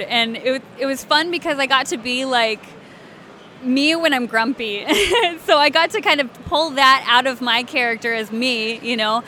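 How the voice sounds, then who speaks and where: A woman's voice: fairly high pitch, moderate pace, bright, forceful tone, a little hiss or hum. A woman from Alabama, chatting in an interview as a voice actress, bubbly and often giggling. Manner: bubbly and giggly, many fillers. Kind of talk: casual interview chat.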